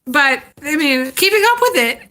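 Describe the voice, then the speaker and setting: A woman in her thirties telling family stories in a casual live chat, animated and laughing often. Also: sits high, moderate pace. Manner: animated, laughs often, acts out quoted voices. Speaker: tarot reader chatting on a live stream.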